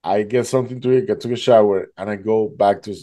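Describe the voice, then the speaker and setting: Guest, male, halting storyteller, mellow warm tone. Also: on the low side, fairly even intonation. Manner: halting, fills with "like" and "you know". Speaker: guest telling his survival story. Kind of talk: emotional personal storytelling.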